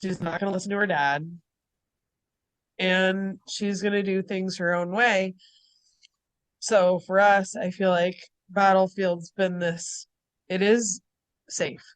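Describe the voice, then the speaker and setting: A mother speaking on a video call in an online support group. She talks haltingly and with emotion, pausing partway through her thoughts. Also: medium pitch, steady tone, clear, resonant tone, no room sound, low-quality recording.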